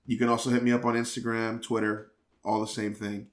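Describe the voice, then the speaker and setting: A man's voice: on the low side, flat delivery, fairly quick, echoey room. A man hosting a podcast, chatting casually, rambling and stumbling over restarts while he teases his guest. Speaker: podcast host.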